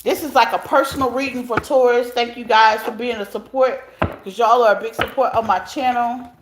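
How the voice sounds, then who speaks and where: A woman with a high voice reads tarot live, chatting directly to her viewers. She speaks in a relaxed, talkative way. The sound bounces around an echoey room. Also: brisk, noisy background. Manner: chatty, talks straight to viewers as y'all. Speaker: tarot reader.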